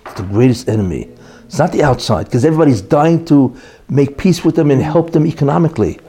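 A man's voice: medium pitch, quick pace, dark tone, slightly rough. A man giving an opinionated monologue as a commentator, emphatic and full of rhetorical questions and repeated "you know".

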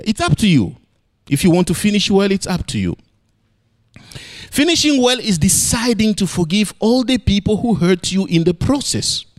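With playful energy, a man gives a sermon in which lofty exclamations alternate with low, emphatic lines.

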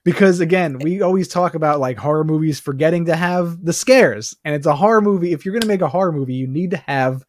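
Male podcast co-host, casual, animated and quick, slightly high voice. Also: no room sound. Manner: animated, quick bursts with many fillers. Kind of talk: casual movie review chat.

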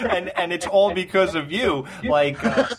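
A man's voice: sits high, very noisy. A man hosting a podcast interview, talking as an eager fan and laughing often. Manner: enthusiastic fan, laughs a lot. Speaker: podcast host. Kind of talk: casual interview chat.

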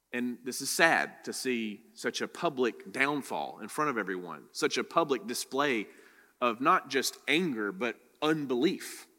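A man's voice: mid-range voice, sharp tone, in a large hall. A man preaching a sermon. He reads scripture aloud, then explains it with rising emphasis. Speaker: pastor.

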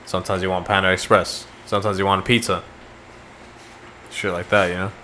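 A man's voice: low voice, little pitch movement, a little fast, sharp tone, a little hiss or hum. A man co-hosting a casual podcast, telling stories animatedly with lots of swearing and laughter. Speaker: podcast co-host. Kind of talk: casual chat.

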